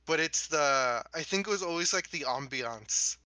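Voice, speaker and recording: A young man chatting casually as a podcast co-host, laid-back with lots of fillers and quick bursts of speech. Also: on the high side, animated, sharp tone, no room sound, rough recording. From Los Angeles area. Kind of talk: casual chat.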